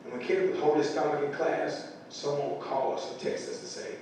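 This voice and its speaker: A man's voice: fairly quick, hardly any pauses, dark tone. Earnest man in an echoey hall. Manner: earnest, emotional storytelling. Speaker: parent speaking to school staff. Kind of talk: motivational speech. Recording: echoey large room from far off, faint rumble.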